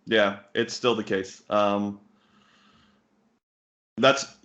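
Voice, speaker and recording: A man's voice: fairly low pitch, flat delivery, extremely slow, fairly bright tone. A man in his thirties, a poker coach, answering interview questions bluntly, swearing casually and full of fillers and restarts. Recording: muffled lo-fi audio.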